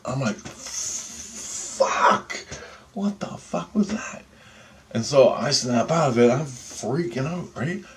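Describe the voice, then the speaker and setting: A man casually telling a vlog story, animated and full of swearing. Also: on the low side, slight background noise. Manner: profane, animated retelling of a dream. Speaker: vlogger.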